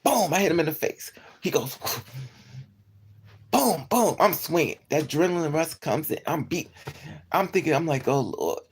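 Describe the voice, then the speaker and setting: A woman casually telling a personal story to her viewers, animated and blunt, with profane slang. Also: normal speed, pauses often, a little hiss or hum. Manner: animated, swings into high yelps for quoted lines.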